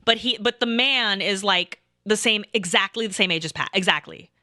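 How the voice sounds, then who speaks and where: A woman's voice: mid-range voice, normal speed, bright, forceful tone, no echo, clean studio sound. A woman streamer telling a casual, rambling story, full of asides and swearing. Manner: rambling, profane, with lots of asides.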